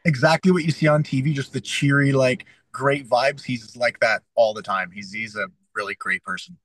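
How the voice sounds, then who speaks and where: A man's voice: medium pitch, fairly even intonation, moderate pace, a bit bright, dry recording, low-quality recording. A young adult man from Canada, a fighter and coach, telling a story in a casual interview and acting out his own past lines with energy.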